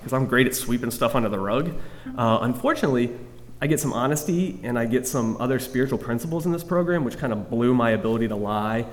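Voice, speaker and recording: Speaking quickly in a mid-range voice, a man gives candid personal testimony about his recovery to a group. The talk is self-mocking, rambling and full of restarts, and the hall adds a long reverb.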